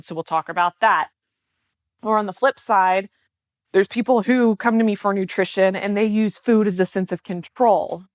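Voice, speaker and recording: A woman's voice: fairly low pitch, dry recording. A woman life and mindset coach explaining her work in a casual, chatty way, full of filler words. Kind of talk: casual explanatory talk to camera.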